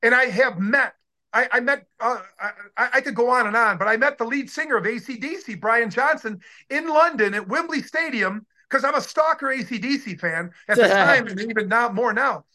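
A man in his sixties recalls his playing days in a casual interview. His voice is bright and forceful. He talks in eager bursts, breaking off and restarting his sentences. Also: very high voice, moderate pace. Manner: excited, rambling, many restarts. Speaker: former pro football player, guest.

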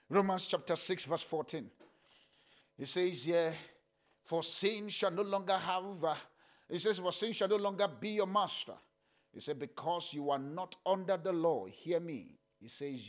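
A man preaching a sermon, swinging between loud calls and soft, low murmurs, with frequent "uh" fillers. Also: expressive, normal speed. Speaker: pastor.

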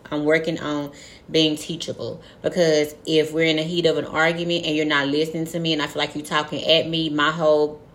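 A young woman talking frankly and profanely in a casual chat, acting out quoted lines with animated storytelling. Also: deep voice, brisk.

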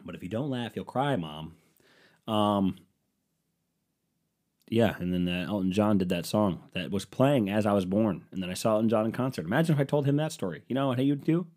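A man's voice: lowish voice, fairly quick, a little mellow. A man doing a rambling comic monologue, sarcastic and profane with mocking asides.

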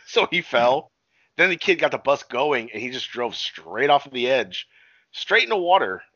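With big swings in his mid-range voice, a man recounts a film at a moderate pace in a sharp tone, cursing freely and acting out quotes. It's casual podcast chat from a co-host whose storytelling rambles. The sound is lo-fi but free of room reverb.

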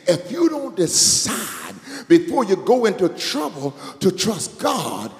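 A man preaching a sermon as bishop, calling to the congregation and rising into sung shouts. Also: high-pitched, huge pitch swings, takes it slowly, few pauses. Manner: call-and-response preaching, building to sung shouts. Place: church sanctuary. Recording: echoey church hall with music.

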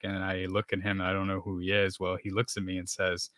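A man's voice: low-pitched, little pitch movement, fast, few pauses, fairly bright tone, no room sound, clean studio sound. A man from Texas sharing a personal testimony as a podcast guest, talking loosely with plenty of fillers. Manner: storytelling with many fillers, acts out dialogue.

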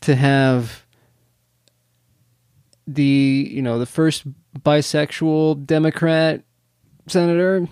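Bright-voiced man in casual podcast chat. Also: fairly high pitch, little pitch movement, slow pace, long pauses, clear, resonant tone, dry recording, studio quality. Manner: chatty, repeats words when he restarts. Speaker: podcast co-host.

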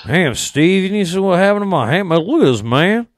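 A man's voice: high voice, lively intonation, fairly quick, no echo, clean studio sound, voice pushed up. A man doing a rowdy, drawling Southern wrestler. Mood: boastful. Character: rowdy Southern male wrestler showing off a wound.

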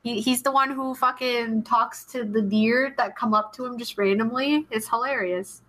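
A woman's voice: fairly high pitch, steady tone, moderate pace, fairly bright tone, rough recording. A woman co-hosting a talk show in casual chat, drawing out her words with gasps and giggles. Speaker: podcast co-host.

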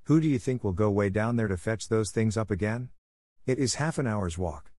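A man voicing an impatient aunt who scolds a child in an excited, reproachful way. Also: on the low side, moderate pace, dry recording, clean studio sound, close to an everyday voice. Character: shrill scolding middle-aged aunt, impatient woman.

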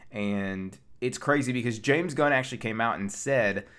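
A man's voice: mid-range voice, normal speed, fairly bright tone, smooth. A man recapping a film in a casual, rambling way, with many fillers and restarts. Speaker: pop culture reviewer.

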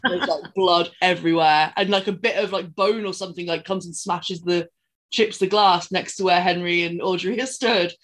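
A woman's voice: fairly low pitch, fairly even intonation, moderate pace, fairly bright tone. A woman co-hosting a podcast, casually retelling film scenes in a rambling way and acting out the characters' lines. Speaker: podcast co-host. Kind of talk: casual film recap chat.

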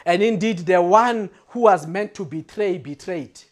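High-voiced man preaching with passion. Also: a little slow. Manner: impassioned, repetitive and emphatic; addresses the congregation directly. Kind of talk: sermon.

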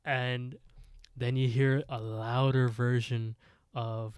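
A man's voice: medium pitch, fairly even intonation, unhurried, a little mellow, clear, resonant tone, no echo, studio quality. A man co-hosting a podcast, retelling a scary story in casual chat with lots of fillers. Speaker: podcast co-host.

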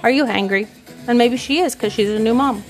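A fairly high-voiced woman rambles through a candid vlog monologue, swearing freely as she reflects on herself. Faint music plays softly behind her. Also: a little fast. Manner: candid, profane, self-reflective. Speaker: vlogger.

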